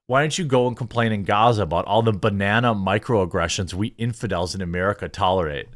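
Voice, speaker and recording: A man's voice: fairly low pitch, quick pace. A man hosting a reaction commentary show, sarcastic and mocking, stammering through restarts. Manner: sarcastic and mocking, bursts of laughter.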